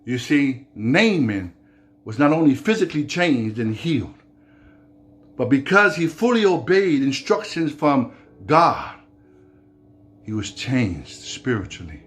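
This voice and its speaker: A male pastor giving a sermon and retelling a story from scripture in a lively way. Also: mid-range voice, measured pace, long pauses.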